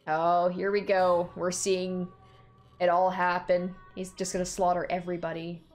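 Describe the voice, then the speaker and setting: A woman's voice: on the low side, little pitch movement, moderate pace, a little mellow, faint music behind. Chatty woman reacting to a game. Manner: chatty, thinking aloud. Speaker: game let's play host. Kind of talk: casual reaction commentary.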